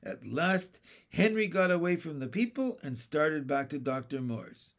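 A man reading a children's book aloud as narrator, slow and careful. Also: fairly high pitch, very animated, a bit bright.

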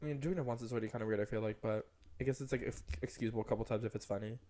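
Racing along in a medium-pitched voice, a podcast co-host in his twenties rants through a casual conversation. He's animated and packs his talk with fillers, especially "like".

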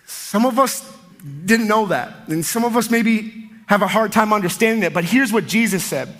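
A man preaching a sermon as pastor, energetic and emphatic, with sudden loud peaks. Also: high voice, normal speed.

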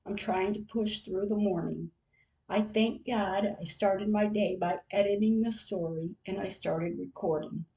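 A woman podcast host, middle-aged, reading her diary entries aloud in a quiet, reflective way. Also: mid-range voice, muffled recording.

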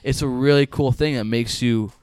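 A man's voice: mid-range voice, moderate pace, a little mellow, smooth, no room sound, clean studio sound. A young man co-hosting a podcast, explaining things earnestly and step by step in a casual chat. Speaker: podcast co-host.

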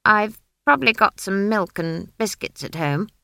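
A woman voicing a stern old village witch woman who talks bluntly and briskly in a rustic way. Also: mid-range voice, lively intonation, creaky, sharp tone, no echo, full character voice. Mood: coaxing.

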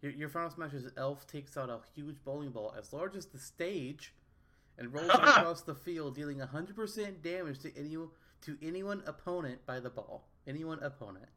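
A man co-hosting a casual podcast chat, cutting in with quick, wry jokes and banter. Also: fairly high pitch, sharp tone.

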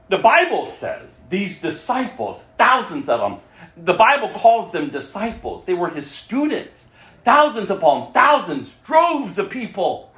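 Impassioned woman preacher, lively pitch. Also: measured pace. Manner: impassioned, repeats phrases, voices quoted people. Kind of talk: sermon. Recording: echoey room.

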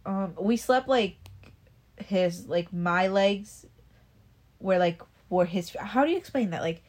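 A woman's voice: mid-range voice, lively intonation, slow, darkish tone. A young woman casually telling a personal story, rambling, swearing a lot and restarting her sentences. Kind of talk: casual chat.

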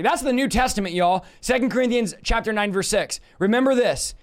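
High-voiced animated male Bible teacher. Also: brisk. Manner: emphatic, repeats phrases for stress; animated, jokes with viewers.

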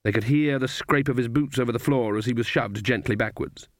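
Guy reading an audiobook, measured and dry, mid pitch, close mic no room. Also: dry recording. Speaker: audiobook narrator. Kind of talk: scripted narration.

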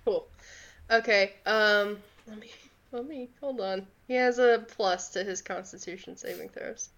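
A woman narrating as game master in a tabletop game, unhurried and often laughing. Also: medium pitch, a bit bright.

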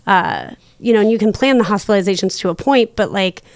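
A woman guest in a casual interview, chatty and quick to laugh, full of fillers. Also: medium pitch, no room sound. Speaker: podcast guest.

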